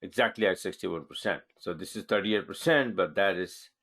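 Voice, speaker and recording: Trading coach, male, lowish voice, live webinar, talks through charts as he edits them. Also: normal speed, fairly bright tone. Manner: thinks aloud while marking up charts, punchy "boom" emphasis.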